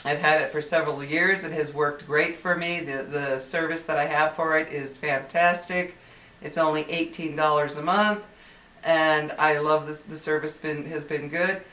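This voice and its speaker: An older woman speaks straight to her viewers in a somewhat low voice, rambling and clearly exasperated. She often stops and restarts her sentences. The audio is roomy and echoey, as if the mic sits a few feet away. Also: fairly even intonation, moderate pace, a bit bright. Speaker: YouTuber. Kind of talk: venting vlog to viewers. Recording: roomy echo, distant mic.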